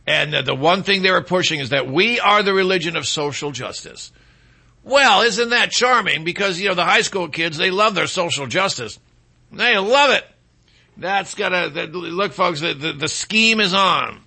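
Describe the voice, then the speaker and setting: A man's voice: high voice, creaky, bright, forceful tone. A man hosting a talk show, delivering a rambling, sarcastic monologue with mocking asides.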